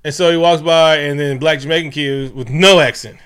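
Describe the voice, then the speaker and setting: A man recapping a movie in loose, profane chat with a slightly higher voice than most men. He talks in an animated way and keeps acting out characters' lines as he goes. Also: fairly quick, smooth.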